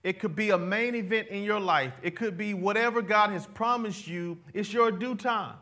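Man, preacher, sermon, bright voice, casual slang, leads crowd in repeating words. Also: high voice, normal speed. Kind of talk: sermon with call-and-response.

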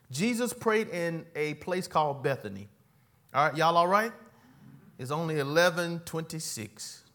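Man, pastor, church sermon, high voice, fiery then casual, talks right to the pews. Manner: fiery preaching that swings between loud cries and quiet, casual asides; folksy, talks straight to the congregation.

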